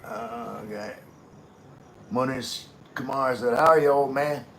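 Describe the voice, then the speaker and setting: Slow-paced and medium-pitched, this middle-aged livestream host from Louisiana drawls in a Southern accent as he reads comments and welcomes viewers by name. His tone is fairly bright, and there's slight background noise.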